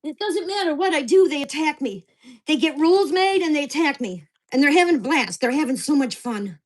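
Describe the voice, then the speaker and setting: A woman's voice: sits high, animated, fairly quick. An older woman venting angrily and profanely in a casual vlog rant. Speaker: vlogger.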